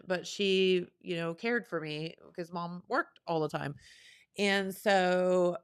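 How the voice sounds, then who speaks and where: Lowish woman, teasing co-host. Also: smooth. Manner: teasing, quick with jokes. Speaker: radio show co-host. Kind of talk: casual chat.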